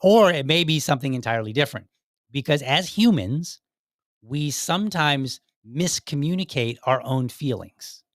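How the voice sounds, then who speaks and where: A man's voice: on the high side, fairly bright tone, dry recording, studio quality. An American man in his forties hosting a podcast, giving casual advice in a rambling, conversational way with frequent restarts. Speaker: podcast host.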